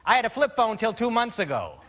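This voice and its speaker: High-voiced man doing stand-up. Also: huge pitch swings, fairly quick, bright, forceful tone, a little hiss or hum. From United States. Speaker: stand-up comedian. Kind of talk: stand-up routine. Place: television studio stage before a live audience. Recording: broadcast stage mic with audience laughter.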